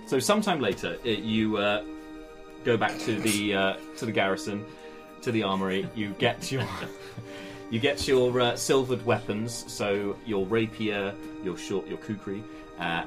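Guy gm-ing a tabletop game, kinda low voice, lots of uhs, music under it. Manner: halting, full of fillers and restarts. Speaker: game master.

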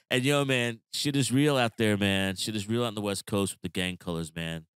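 A middle-aged man, his voice sitting low as he spins loose, slangy stories full of swearing. The sound is dry and close, with no room around it. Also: moderate pace, clear, resonant tone, dry recording. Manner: animated, swearing, slangy storyteller. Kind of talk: casual storytelling chat.

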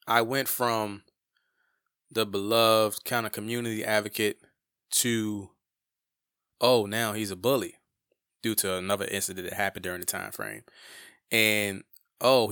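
A man's voice: lowish voice, pushed and bright, clear, resonant tone, no echo, studio quality. A man, a community advocate, telling a personal story in a passionate, emphatic way, often restarting his sentences.

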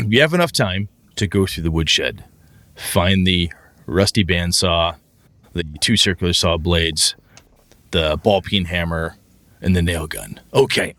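A man chatting casually about running tabletop games, animated and profane, often acting out his players in a raised, excited voice. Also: deep voice, a little slow, no room sound. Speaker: podcast co-host, game master.

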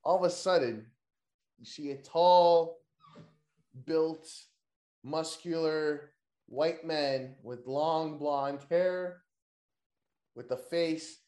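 An excitable man hosting a casual wrestling recap, full of slang, "yo" and "dude," and free swearing. His voice is fairly high for a man. It rings around an echoey room. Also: very slow, pauses often. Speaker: podcast host.

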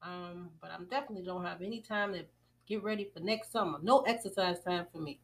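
A woman co-hosting a casual podcast, teasing her co-host with deadpan jokes and laughing often. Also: on the low side, a little fast.

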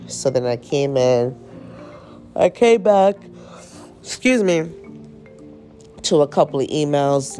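A woman's voice: a bass voice, dark tone. A woman hosting a podcast in casual, unedited chat, talking candidly with slang and free swearing. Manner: candid, slangy, swears freely, rambling storyteller. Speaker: podcast host.

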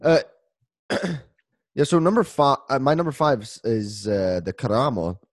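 A man's voice: mid-range voice, animated, normal speed, no room sound, studio quality. A man co-hosting a casual podcast chat, playful and teasing, laughing often. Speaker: podcast co-host.

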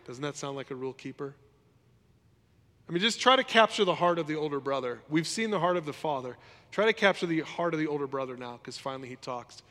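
A man preaching a sermon in a lively, conversational way, often acting out what others say. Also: medium pitch, a little fast, long reverb tail. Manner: animated, conversational preaching, acts out quotes. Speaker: pastor.

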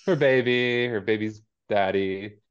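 Recapping a TV episode on a podcast he co-hosts, a man rambles casually and paraphrases the characters using lots of "like." He has a fairly low, clear, resonant voice at a measured pace, though the audio sounds dull.

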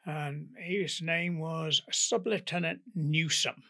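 Older man, gravelly bright storyteller. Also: a little high, slow. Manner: animated, acts out the dialogue of his stories. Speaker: guest. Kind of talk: anecdotal storytelling in an interview.

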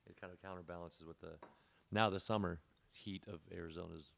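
A deep-voiced man spins a rambling story over a podcast mic. His low voice has a gravelly fry, and he talks quickly and loosely, with filler words everywhere. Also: fairly even intonation, a bit bright. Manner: rambling, laid-back storyteller with lots of fillers. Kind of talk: casual storytelling chat.

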